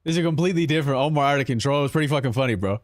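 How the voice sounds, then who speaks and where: A man streaming, reacting to his own clips in casual chat, animated and swearing, saying bro a lot. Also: medium pitch, racing, dry recording, studio quality.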